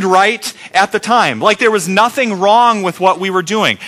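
A man's voice: high voice, unhurried. A middle-aged male pastor preaching a sermon, telling stories with acted-out sounds and quoted replies. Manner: animated storytelling, acts out sounds and quoted replies.

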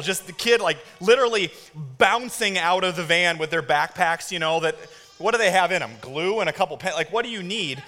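Male pastor in his thirties, sermon delivery, bright forceful tone, long hall reverb. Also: high voice, a little fast. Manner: animated storytelling with shouted kid impressions. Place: church auditorium.

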